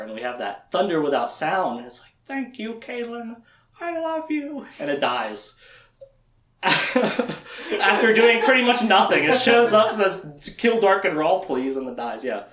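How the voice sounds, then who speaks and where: Animated man lecturing in an echoey room. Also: on the high side, crowd noise. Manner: animated, acts out characters' lines in quick quips. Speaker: presenter of a book lecture. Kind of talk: casual lecture with slides and jokes.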